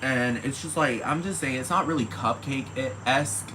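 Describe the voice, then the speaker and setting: A man's voice: mid-range voice, moderate pace, noisy background. Profane rambling podcast man. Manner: rambling, profane, repeats "you know what I'm talking about". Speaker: podcast host. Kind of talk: solo casual commentary.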